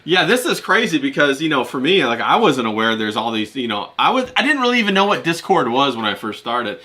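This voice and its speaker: A man hosting a podcast in casual chat, animated and quick to swear. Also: medium pitch. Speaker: podcast host.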